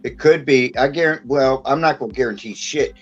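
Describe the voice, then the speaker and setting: A man's voice: medium pitch, brisk, faint music behind. A man telling rambling stories in casual chat, swearing offhand. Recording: dull lo-fi mic.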